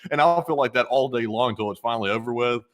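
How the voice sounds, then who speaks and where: A man's voice: mid-range voice, fast, fairly bright tone. A man co-hosting a live stream in casual chat, rambling with many fillers and restarts.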